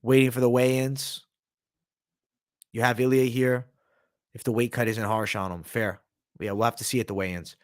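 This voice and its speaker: A man's voice: medium pitch, steady tone, normal speed. A man hosting a live MMA stream, reading viewer comments aloud and talking loosely with slang and swearing, sometimes with his mouth full. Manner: talks while eating. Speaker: MMA analyst and livestream host. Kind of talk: casual livestream chat.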